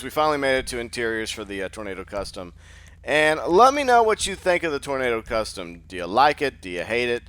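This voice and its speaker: Male host, low-pitched and smooth, drowsy, rambling game walkthrough. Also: pushed and bright. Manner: rambling, filler-heavy, thinks aloud. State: sleepy, just woke up. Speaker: gaming channel host. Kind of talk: casual gameplay commentary.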